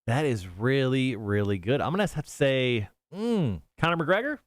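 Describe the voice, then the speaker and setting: A man's voice: normal speed, dry recording, clean studio sound. A man hosting a morning radio show, playfully guessing answers in a quiz. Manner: playful, animated, jumps up in pitch in surprise. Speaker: radio host taking a quiz. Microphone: studio microphone.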